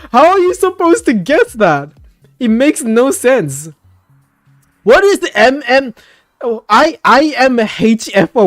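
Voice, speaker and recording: A man's voice: sits high, no room sound. A man hosting a casual voice chat, ranting with plenty of swearing and laughter.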